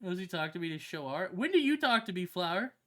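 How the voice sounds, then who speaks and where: Excitable streamer, lively bright voice. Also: mid-range voice, fast talker. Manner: slangy, swears a lot, keeps saying "bro"; emotional and excitable, often laughing. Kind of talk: casual livestream chat with viewers.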